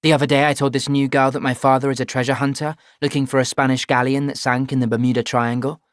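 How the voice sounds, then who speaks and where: A man reading an audiobook, voicing a guarded, sharp-tongued teenage girl with quick, sarcastic retorts. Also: mid-range voice, level tone, no echo, studio quality, voice pushed up, lightly acted. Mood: defiant.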